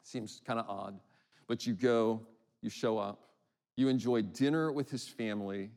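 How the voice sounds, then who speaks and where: A man preaching a sermon in a conversational way, with frequent restarts and slow, emphatic verse readings. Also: fairly low pitch, darkish tone, clear, resonant tone. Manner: rhetorical questions to the congregation. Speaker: pastor.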